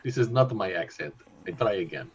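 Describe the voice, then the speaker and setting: A man's voice: deep voice, lively intonation, a little fast. A man playing a tabletop game, joking playfully with the group. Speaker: player. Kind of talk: casual chat. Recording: muffled lo-fi mic with faint noise.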